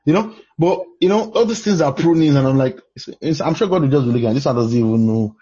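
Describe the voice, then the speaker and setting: A man's voice: on the high side, expressive, fast talker, dark tone, breathy edge, dull audio. A man from Nigeria with a Nigerian accent, preaching in conversation and telling stories with frequent exclamations.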